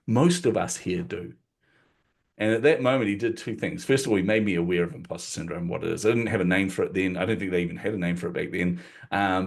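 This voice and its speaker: A middle-aged man with a deep, low-pitched voice tells a story from his past as a podcast guest. He acts out what people said with lively shifts and often laughs at himself. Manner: animated, acts out quotes, self-deprecating laughs. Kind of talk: storytelling in conversation.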